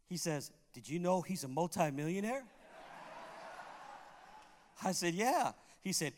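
With long hall reverb around him, a Puerto Rican pastor with a high, unhurried voice pauses at length while preaching. He animates his sermon's story by playing the people in it.

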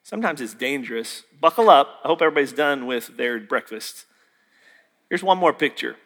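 A man delivers a sermon in a bright, ringing voice that sits high and swings widely in pitch. He tells stories and acts out the dialogue with jokey asides. His words carry a long reverb from a large hall. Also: animated, normal speed. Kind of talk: sermon with storytelling.

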